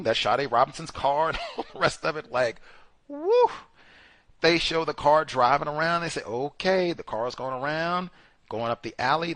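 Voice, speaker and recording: A man's voice: mid-range voice, dry recording. A man hosting a casual commentary show, talking animatedly and acting out what others said with exclamations. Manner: animated, acts out quoted speech with exclamations. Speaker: podcast host.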